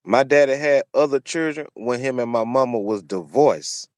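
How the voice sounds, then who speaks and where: A man's voice: medium pitch, moderate pace, a little mellow, no room sound, clean studio sound. A man giving opinionated solo commentary, repeating his points over and over in a preachy way. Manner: repeats phrases for emphasis, preachy. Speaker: commentary channel host.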